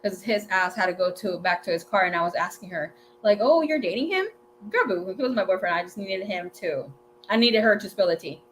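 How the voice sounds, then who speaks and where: A woman in her twenties hosting a tarot livestream, telling a story in a chatty, animated way, swearing freely and mixing in Spanish words. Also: fairly low pitch, fairly quick, slight background noise. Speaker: tarot reader and livestream host. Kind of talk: casual storytelling chat.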